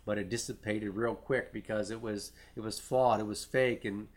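A man's voice: lowish voice, fairly even intonation, moderate pace. A middle-aged man preaching a sermon in an earnest way, often restarting phrases and reading scripture aloud.

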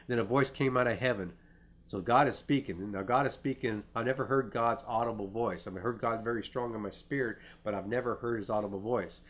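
A man's voice: mid-range voice, a little fast. A middle-aged man preaching a sermon in an earnest way, often restarting phrases and reading scripture aloud.

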